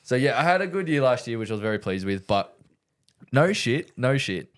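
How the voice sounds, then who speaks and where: A man's voice: mid-range voice, big pitch swings, brisk. A young Australian man, a podcast host, telling stories in casual chat. He laughs through his lines and swears freely.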